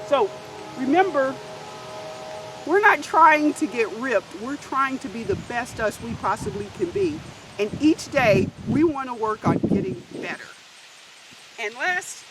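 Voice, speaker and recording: An animated woman gives a health and fitness lesson to children, stressing words and asking them questions directly. Her voice sits a little high. A steady hiss runs under the recording, which was made outdoors. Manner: animated, emphatic, addresses kids directly. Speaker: health and physical education teacher.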